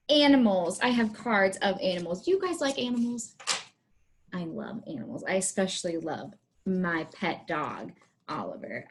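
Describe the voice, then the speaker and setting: A woman teacher demonstrating a picture-card lesson for young students, talking in a sing-song way and making animal sounds. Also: lowish voice.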